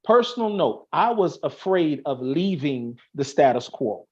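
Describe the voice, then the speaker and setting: An unhurried man with a high-ish, sing-song voice comes through a muffled recording. He is a Masonic officer guesting on an online show, earnestly explaining in casual conversation and thinking aloud with frequent restarts and fillers.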